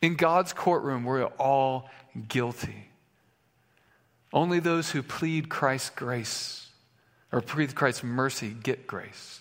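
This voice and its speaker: A man's voice: medium pitch, takes it slowly, long reverb tail. A male pastor preaching a sermon in a conversational way, with fillers and restarts, in a church sanctuary.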